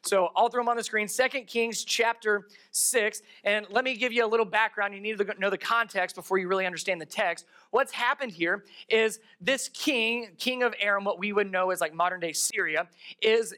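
Bright, animated sermon storyteller. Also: mid-range voice, moderate pace. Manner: conversational, animated storytelling with asides to the congregation. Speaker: pastor. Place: church service held in a darkened theater.

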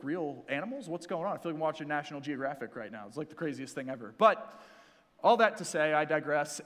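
A young adult man preaching a sermon as a pastor, energetic and joking with the congregation. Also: sits high, long reverb tail.

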